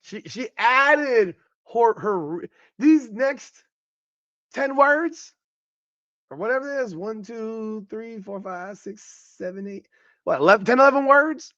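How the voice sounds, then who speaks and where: A man's voice: sits high, lively intonation, slow, fairly bright tone, no room sound, muffled recording. A man hosting a podcast, giving casual, profane and incredulous commentary. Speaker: podcast host.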